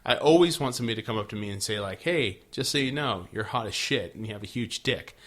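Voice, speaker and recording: Bright-voiced man recapping a show. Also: fairly low pitch, animated, fast. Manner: laid-back, swears, acts out characters' lines. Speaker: podcast co-host. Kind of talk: casual recap chat.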